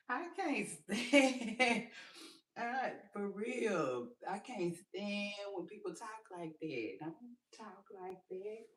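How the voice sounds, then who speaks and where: A woman delivers an unhurried, sassy, profane rant, breaking into laughter often. She sits a little away from the mic in a room with a noticeable echo. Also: medium pitch, expressive, fairly bright tone, distant mic. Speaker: vlogger. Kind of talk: casual commentary rant.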